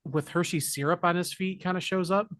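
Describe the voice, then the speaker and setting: Animated man recapping a movie. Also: high voice, a little fast, no room sound, clean studio sound. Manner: animated, jokey retelling with put-on character lines. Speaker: podcast co-host. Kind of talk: casual movie recap chat.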